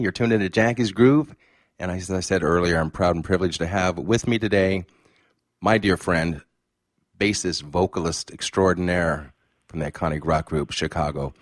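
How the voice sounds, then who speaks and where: A man's voice: deep voice, no echo, clean studio sound. A man in his fifties hosting a radio interview show, effusive and emphatic as he talks with his guest. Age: 50s. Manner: effusive, warm praise and emphatic delivery.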